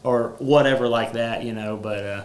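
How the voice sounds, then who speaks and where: Hosting a laid-back podcast, a man who owns a roofing business wanders through his talk with frequent fillers and false starts. His mid-range voice stays steady at a moderate pace, recorded with roomy echo and faint ambience.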